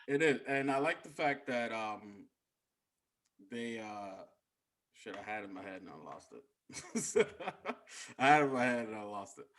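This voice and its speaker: A laid-back man co-hosting a casual podcast, with a voice of ordinary male pitch. He talks loosely, trails off and hunts for his words as he goes. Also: unhurried, long pauses. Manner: relaxed, loses his train of thought, trails off softly. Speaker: podcast co-host. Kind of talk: casual chat.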